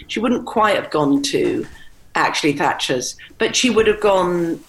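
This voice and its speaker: A woman's voice: lowish voice, lively intonation, a little slow, low-quality recording. A middle-aged woman speaking as an interview guest, telling stories candidly and mimicking quotes with animation. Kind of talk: conversational interview.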